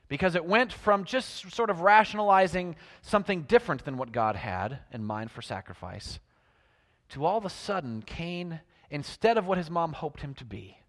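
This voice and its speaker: A man preaching a sermon, telling stories and swinging between loud emphasis and hushed lines. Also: fairly high pitch, long reverb tail.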